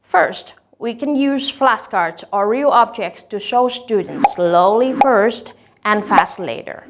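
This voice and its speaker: A woman giving a teacher-training talk on teaching vocabulary, speaking clearly and deliberately and drawing out example words slowly. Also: on the high side, background noise.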